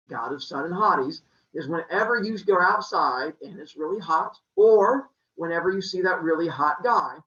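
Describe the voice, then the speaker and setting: A male teacher telling myths to a classroom as an animated, joking storyteller who quizzes his students. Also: on the high side, roomy sound. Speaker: middle school teacher. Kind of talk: classroom lesson on mythology. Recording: dull lo-fi classroom recording.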